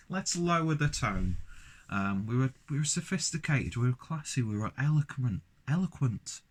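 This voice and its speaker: A young man with a London accent talks through a beer review in a casual solo monologue. His voice sits a bit low, and he rambles with enthusiasm, breaking off into jokes at his own expense. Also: a bit bright. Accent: London English. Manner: enthusiastic, rambling, self-mocking asides.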